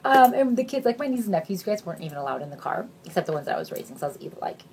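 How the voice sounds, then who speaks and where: A woman in her thirties giving a casual, chatty sales pitch straight to her viewers, bubbly and jokey. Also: very animated, very fast, vocal fry, a little mellow, slight background noise. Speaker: direct sales consultant.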